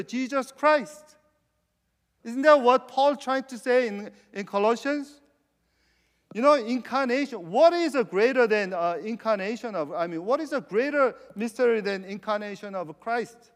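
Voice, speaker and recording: A man with a high voice preaches a sermon in an easy, conversational way. He strings his points together with frequent "you know" fillers and loose, non-standard grammar. His voice carries a long reverb, as in a large hall. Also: normal speed. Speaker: pastor.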